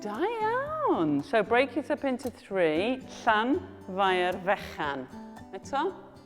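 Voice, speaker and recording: A woman's voice: high voice, huge pitch swings, in a large hall, faint music behind. Patient woman teaching Welsh sounds. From England. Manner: patient, repeats words slowly and invites learners to say them back. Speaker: Welsh tutor. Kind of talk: teaching Welsh pronunciation to learners.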